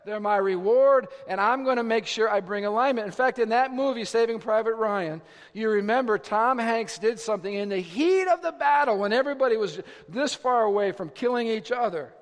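A male pastor with a high, ringing voice preaches in an animated, dramatic way and jokes at his own expense. His words echo with a long reverb through a large hall. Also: fairly quick. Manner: animated, dramatic, self-mocking humor. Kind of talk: sermon.

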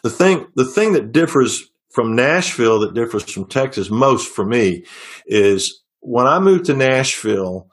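A middle-aged singer-songwriter talking casually in an interview, telling long stories with many restarts and fillers. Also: male voice, mid-range voice, lively intonation, measured pace. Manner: rambling storyteller with frequent restarts.

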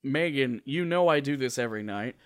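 A man's voice: mid-range voice, expressive, brisk, dry recording, studio quality, close to an everyday voice. A man reading aloud the lines of a smug male billionaire TV news anchor from an erotica story, in a boastful, cheesy manner.

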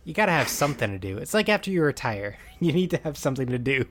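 A man's voice: medium pitch, big pitch swings, fast, fairly bright tone. A man co-hosting a casual podcast, animatedly retelling a film's plot, acting out quoted lines and laughing often. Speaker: podcast co-host recapping a film. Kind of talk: casual chat.

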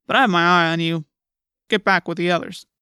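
A woman doing a gruff, demanding policeman. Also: on the low side, fairly even intonation, brisk, bright, forceful tone, no echo, clean studio sound. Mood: stern, demanding. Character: gruff, suspicious adult male policeman. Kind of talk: audiobook character voice.

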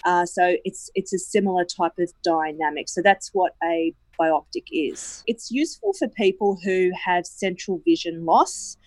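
A woman answering interview questions on a radio program, explaining at length with many pauses and restarts. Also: on the low side, animated, a little mellow, no room sound. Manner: hesitant, many ums and restarts.

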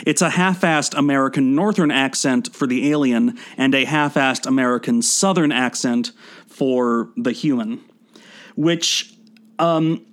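A man's voice: medium pitch, a little slow. A man co-hosting a podcast, riffing on a film in a wry, rambling way. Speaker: podcast co-host. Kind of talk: casual film commentary.

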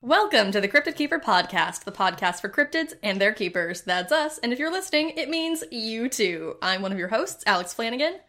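A woman's voice: a little high, lively intonation, a little fast, hardly any pauses, fairly bright tone. Woman cohost on a comedy podcast, casual and a bit dry. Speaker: podcast co-host.

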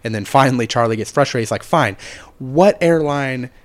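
A man in casual chat on a movie podcast who steers the talk through trivia in a laid-back way. His voice is medium in pitch and sits on a dry, close-miked recording. He laughs often between points. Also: normal speed, no echo. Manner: leads the talk, relaxed, laughs often, uses fillers. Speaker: podcast co-host.

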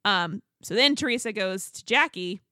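A woman's voice: medium pitch, moderate pace, no room sound, studio quality. A woman co-hosting a podcast, chatting casually about reality TV, laughing often and acting out what people said. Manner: chatty, quotes people in animated put-on voices, laughs often. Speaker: podcast co-host. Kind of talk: casual chat recapping reality TV.

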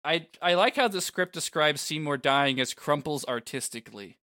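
A man's voice: a little high, expressive, moderate pace, bright, forceful tone, no room sound, studio quality. A man co-hosting a podcast in loose, chatty talk, laughing often and swearing. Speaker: podcast co-host. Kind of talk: casual chat.

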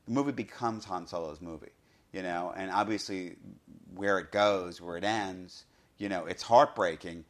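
A man hosting a podcast, talking through a film review in an excited, casual way, often saying "you know". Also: low voice, moderate pace. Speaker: podcast host.

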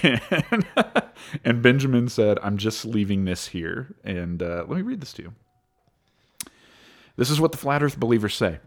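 Male podcast host, chatty and jokey, quick to laugh. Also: mid-range voice, sing-song. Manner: jokey, laughs often while reading aloud. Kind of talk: casual podcast chat.

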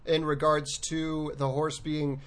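A man co-hosting a podcast, recapping a TV show in relaxed, dry casual chat. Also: a little high, slow pace. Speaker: podcast co-host.

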